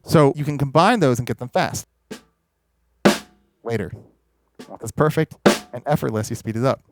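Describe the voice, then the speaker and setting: A man teaching drum technique in a casual, explanatory way, pausing to demonstrate strokes as he talks. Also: mid-range voice. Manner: explanatory, demonstrating while talking. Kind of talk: instructional video. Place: recording studio with drum kit. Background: drum playing.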